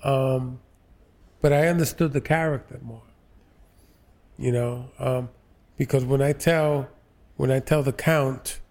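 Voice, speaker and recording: Slow gravelly New York man in his sixties. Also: medium pitch, steady tone, a little mellow. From New York, Lower East Side. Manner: slow, halting, full of fillers and restarts. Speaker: actor, guest. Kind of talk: relaxed interview storytelling.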